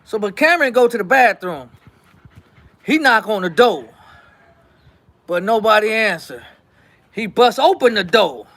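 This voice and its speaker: High-voiced man telling a wild story. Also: unhurried, long pauses. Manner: animated, acts out quotes, repeats lines for effect. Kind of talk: casual storytelling.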